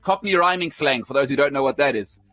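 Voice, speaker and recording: A man's voice: mid-range voice, lively intonation, fast talker, sharp tone, no echo, soft background music. A man hosting a sports talk show, effusive and grateful, often stumbling over his words. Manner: effusive, stammering restarts. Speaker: host. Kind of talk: casual chat.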